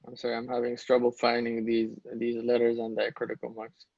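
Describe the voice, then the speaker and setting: A man's voice: mid-range voice, monotone, fairly quick, vocal fry, no room sound. A man teaching an Arabic grammar lesson, explaining step by step and checking understanding with questions to his students. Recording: dull lo-fi dry recording.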